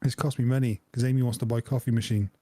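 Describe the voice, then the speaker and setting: A man's voice: mid-range voice, fairly even intonation, racing, warm tone, no room sound. A man, co-hosting a podcast in a jokey, laughing chat. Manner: jokey, laughs often, acts out voices in anecdotes. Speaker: podcast co-host. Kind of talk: casual chat.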